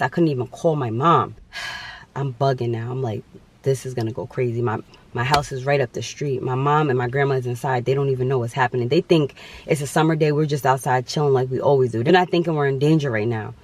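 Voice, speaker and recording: A man's voice: medium pitch, fast. A young man telling a dramatic personal story on his vlog, with emphatic repetition. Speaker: vlogger.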